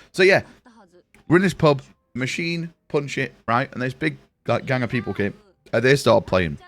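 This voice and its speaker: A man's voice: medium pitch, moderate pace, a bit bright. A young man streaming a game live, rambling and swearing as he tells stories to friends. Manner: rambling, swears, chatty storyteller. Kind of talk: casual live-stream chat while gaming.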